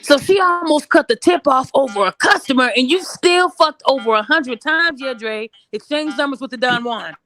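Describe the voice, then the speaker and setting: A man hosts a loose group chat, teasing and pushing his guest for answers. His voice is high and bright. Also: normal speed, few pauses. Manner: teasing, pushy questioning.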